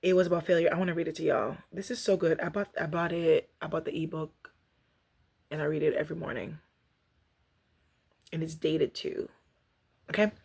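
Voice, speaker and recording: A young woman vlogging casually about rejection, chatty and animated, laughing often and reading aloud. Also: low voice, moderate pace, creaky, pauses often, slightly rough. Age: young adult. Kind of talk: casual reflective vlog.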